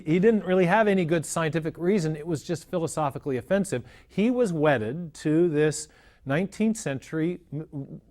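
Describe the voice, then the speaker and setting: A man explaining cosmology in a measured lecture style, often restarting his phrases as he works through an idea. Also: a little high, a little mellow.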